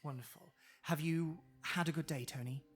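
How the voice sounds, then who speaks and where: Gm doing a four-armed moth lady cleric, gentle formal talk, middle pitch. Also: steady tone, normal speed, faint music behind, natural voice. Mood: gracious. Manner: warm, reassuring, formal. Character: gracious four-armed moth-winged female high cleric.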